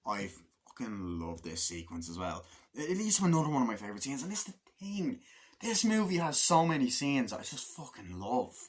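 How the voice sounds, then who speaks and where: A man talks through a film he adores, rambling from scene to scene with constant swearing and gushing praise. His delivery is loose and casual, like an excited fan recapping for friends. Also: medium pitch, fairly quick. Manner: profanity-laden, gushing, rambling. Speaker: movie reviewer. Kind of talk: casual enthusiastic scene retelling.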